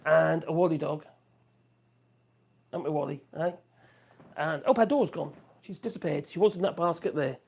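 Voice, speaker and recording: A man's voice: a little high, creaky, dull audio. A man chatting casually on a live stream from his home office, rambling and reacting to viewer comments. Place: home office room with wood burner.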